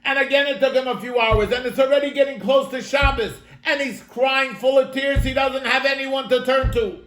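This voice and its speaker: In a reverberant home setting, a rabbi tells a story to his online class in an earnest, dramatic, sermon-like way, speaking to them as "my friends." His very high voice is fairly bright and steady in tone, at a moderate pace.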